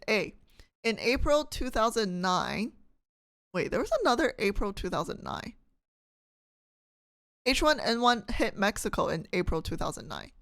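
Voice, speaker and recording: A woman's voice: medium pitch, a bit bright, dry recording. A woman from Canada streaming live, reading test questions aloud and thinking through them with her viewers, laughing often.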